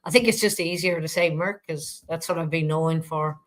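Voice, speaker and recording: Lower-voiced Irish woman, relaxed guest. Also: moderate pace. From Ireland. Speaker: guest, psychologist. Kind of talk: casual interview conversation.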